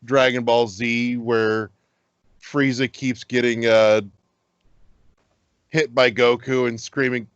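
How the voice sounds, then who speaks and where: A man co-hosting a casual gaming podcast, rambling and swearing as he gets excited about games. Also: mid-range voice, takes it slowly, pauses often, clear, resonant tone, no room sound, highs cut off. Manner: rambling, profane, animated when excited. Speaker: podcast co-host.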